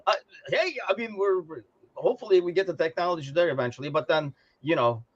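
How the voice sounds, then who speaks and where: A man from Turkey with a Turkish accent, hosting a casual talk show in an animated, swearing manner. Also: on the high side, fast talker, dull audio. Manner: swearing, laughing, animated storyteller. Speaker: host. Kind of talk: casual podcast chat.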